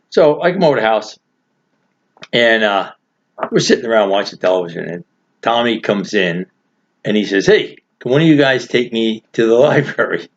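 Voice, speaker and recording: A man's voice: medium pitch, breathy edge. An older man telling a rambling, chuckling anecdote in a casual, folksy way. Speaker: storyteller. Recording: dull lo-fi recording.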